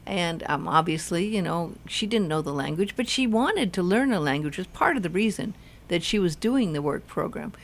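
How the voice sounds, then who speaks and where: A woman host with a slightly low voice, chatting casually and dropping quick reactions. She talks freely and follows up with questions and her own asides. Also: animated, vocal fry. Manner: chatty, reacts with short interjections. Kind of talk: casual chat.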